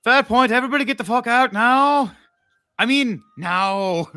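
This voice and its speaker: A man voicing a gruff, foul-mouthed male tavern bartender who barks out loud, angry orders. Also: extremely high pitch, measured pace, voice pushed up, exaggerated voice. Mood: urgent.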